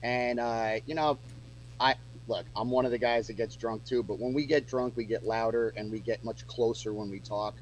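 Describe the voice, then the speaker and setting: A man's voice: medium pitch, steady tone, moderate pace, a little hiss or hum, rough recording. A man chatting casually as a musician guest on a radio show, rambling with lots of fillers and restarts.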